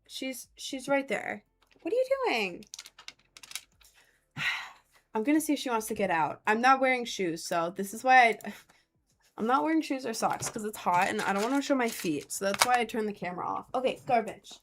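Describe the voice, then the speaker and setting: A woman's voice: fairly high pitch, animated, a little fast, a bit bright. A woman from New York City chatting casually at home, rambling with lots of filler words as she reads viewer messages. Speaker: streamer. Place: at home, indoors.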